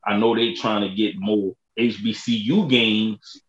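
A man co-hosting a casual sports podcast who talks haltingly and keeps saying "you know what I'm saying.". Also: fairly low pitch, fairly even intonation. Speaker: podcast co-host. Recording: roomy, dull lo-fi sound.

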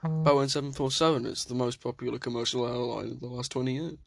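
A man's voice: medium pitch, fairly even intonation, fast, creaky, a crowd in the background. A man hosting a casual podcast, joking crudely and rambling. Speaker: podcast host. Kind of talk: casual stoned banter.

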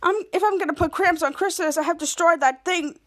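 A woman's voice: very high voice, quick pace, pitched above the performer's own voice. A woman putting on a cocky, vain male holiday demon. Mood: taunting. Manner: smug, taunting, show-off delivery.

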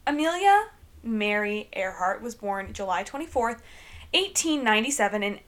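A woman's voice: medium pitch, very animated, moderate pace, a bit bright. A young woman co-hosting a podcast in casual comedic chat, silly and playful. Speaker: podcast co-host.

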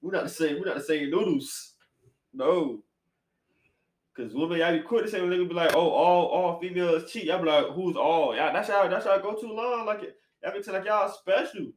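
A man hosting a casual podcast chat, animated and slangy, swinging between loud bursts and quiet asides. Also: high voice, normal speed. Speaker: podcast host. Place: apartment room. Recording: echoey room.

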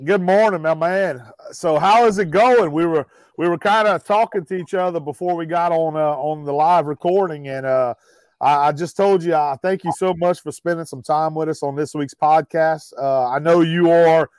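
A man's voice: fairly high pitch, moderate pace, darkish tone, no echo. A man hosting a casual podcast in a folksy way, with lots of "uh" fillers, and calling his listeners guys. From Louisiana. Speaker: podcast host.

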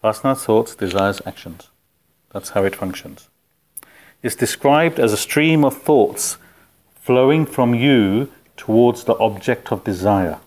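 A man's voice: medium pitch, unhurried, a little mellow. A man teaching an informal spiritual philosophy class in a conversational way, putting questions to his listeners.

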